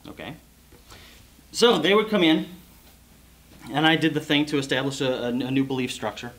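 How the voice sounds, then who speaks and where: A man speaking as guest at a club party, telling sales stories and acting out the customers' lines. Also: on the high side. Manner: animated storytelling, acting out customers' voices. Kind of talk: sales and mindset talk to a club audience.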